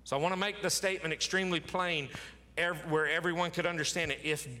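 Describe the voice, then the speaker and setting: A pastor preaching an emphatic sermon, repeating key words for stress. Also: male voice, on the high side, steady tone, quick pace, pushed and bright, big-room sound.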